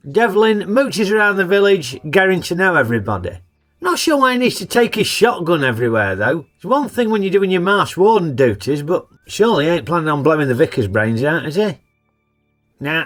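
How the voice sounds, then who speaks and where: Cheeky film reviewer. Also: male voice, high voice, a bit bright. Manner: cheeky, sarcastic, colloquial. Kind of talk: comic film review narration.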